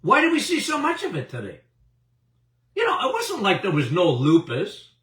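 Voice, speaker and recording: A man's voice: high voice, huge pitch swings, normal speed, a bit bright. A man in his seventies, a doctor hosting a health talk, speaking emphatically with repetitions and chuckles. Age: 70s. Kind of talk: animated health talk to an audience. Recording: roomy, distant mic.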